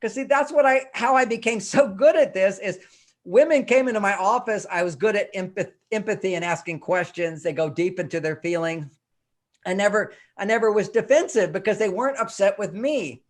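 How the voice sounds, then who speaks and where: A man's voice: sits high, brisk. An older man, a relationship counselor and guest in an interview, explaining his techniques and acting out little scenes as he talks. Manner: animated storyteller, acts out little scenes.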